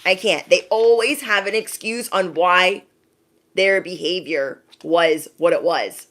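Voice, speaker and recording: A woman's voice: on the low side, unhurried, fairly bright tone. A woman giving a casual spiritual pep talk, speaking emphatically, repeating her points, and often asking "okay?". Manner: emphatic, repeats phrases, direct address with frequent "okay?". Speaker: spiritual reader.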